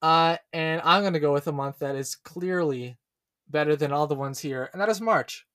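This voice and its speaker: Brief: young man, slightly high voice, playful rambling delivery full of fillers, casual podcast co-host. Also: moderate pace, fairly bright tone, dry recording. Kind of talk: casual chat.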